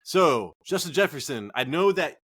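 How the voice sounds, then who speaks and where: A man's voice: fairly high pitch, big pitch swings, normal speed, fairly bright tone, husky. A man co-hosting a casual fantasy football podcast, a bit tipsy from drinking, joking, swearing and rambling. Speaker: podcast co-host.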